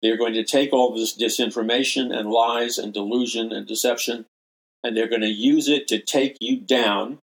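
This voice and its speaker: A man's voice: medium pitch, fairly even intonation, normal speed, poor audio. An older man, a minister and show host, giving impassioned preaching commentary and repeating phrases for emphasis.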